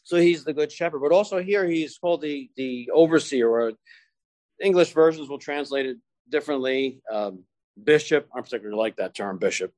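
A man preaching a sermon to his congregation, slowing down and stressing key phrases as he quotes scripture. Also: on the high side, a little mellow, no echo.

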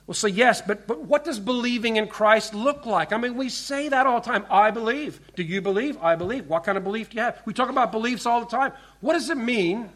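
A pastor delivering a sermon, his voice sitting high for a man. He preaches earnestly, slowing to stress scripture and sinking soft and low on key words.

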